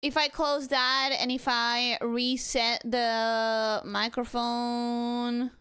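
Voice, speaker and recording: A woman streaming a video game, talking casually and excitably with frequent swearing. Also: a little high, very slow, clean tone. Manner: excitable, animated, swears freely. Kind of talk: casual game livestream commentary.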